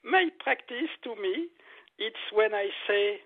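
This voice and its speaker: Earnest high-voiced man on a tinny phone line. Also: expressive, unhurried. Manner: earnest, repetitive, enthusiastic, non-native phrasing. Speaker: meditation teacher, guest. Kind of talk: interview conversation.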